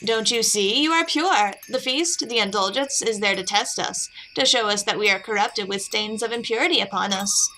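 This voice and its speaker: A woman's voice: medium pitch, moderate pace, hardly any pauses, bright, forceful tone, slight background noise, low-quality recording. A woman voicing a devout adult male cult follower who speaks in a solemn, preaching cadence in a video game.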